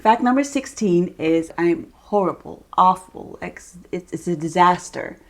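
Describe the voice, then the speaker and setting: Chatty, animated young woman vlogger. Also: fairly low pitch, unhurried, a little hiss or hum. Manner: chatty and animated, with playful asides. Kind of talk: casual talk to camera.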